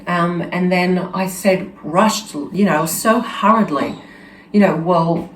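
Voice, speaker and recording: A woman with a low voice tells a personal story in an earnest, halting way, full of restarts and "you know"s. The recording sounds roomy and echoey, with a faint ambient hum behind her. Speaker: channel host.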